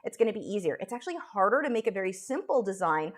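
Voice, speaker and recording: A woman's voice: mid-range voice, big pitch swings, quick pace. A woman chatting casually while teaching a live drawing stream, frank and talkative, with frequent fillers and restarts. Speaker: art instructor streaming live.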